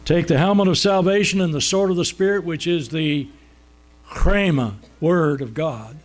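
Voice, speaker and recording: A man preaching a sermon, asking questions and then answering them, slowing down to stress key words. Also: on the high side.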